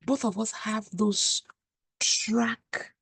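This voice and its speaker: African woman w/ an african accent talking straight to you, raspy low voice, dry room. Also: steady tone, extremely slow, fairly bright tone, no room sound. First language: an African language. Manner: earnest, addresses the viewer as "you". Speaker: commentator. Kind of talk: direct-to-camera commentary.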